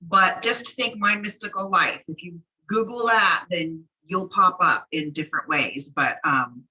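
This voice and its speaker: A woman's voice: fairly low pitch, unhurried, sharp tone, husky, rough recording. A woman hosting a casual chat, enthusiastic and encouraging with her guest. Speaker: podcast host.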